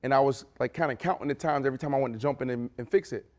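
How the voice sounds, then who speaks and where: A middle-aged man co-hosting a podcast in casual chat, animated and storytelling. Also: mid-range voice, racing. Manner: animated, acts out quotes with big voices. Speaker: podcast co-host.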